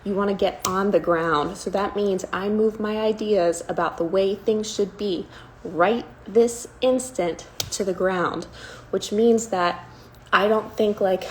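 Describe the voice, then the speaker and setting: A woman talks through self-help steps in a loose, casual way. She swears freely, jokes in passing, and softens into gentle, soothing self-talk. Her pitch sits in an ordinary middle range, with a faint hum of ambience behind her. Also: unhurried, poor audio. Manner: candid and profane, with playful asides.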